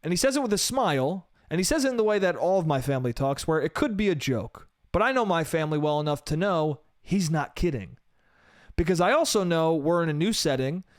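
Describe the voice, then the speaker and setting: Young male solo podcaster, slightly high voice, swears a lot, says "bro" constantly. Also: a little fast, dry recording, studio quality. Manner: profane, animated, frequent "bro" and "dude". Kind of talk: casual storytelling monologue.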